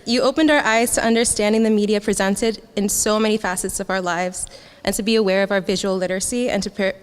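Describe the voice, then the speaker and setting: A woman's voice: mid-range voice, clean tone. Emotional woman giving a speech. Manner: heartfelt, laughs often, gets emotional. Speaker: graduating student speaker. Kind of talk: graduation speech. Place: graduation ceremony hall. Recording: long hall reverb.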